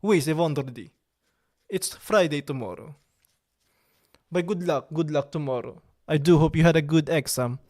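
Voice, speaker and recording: A man hosts a livestream in a slightly raised voice. He chats with viewers in a playful, preening, mock-serious way, with halting, broken sentences and stray French words. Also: fairly high pitch, darkish tone. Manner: drops in occasional French words. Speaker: livestream host. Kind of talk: casual livestream chat with viewers.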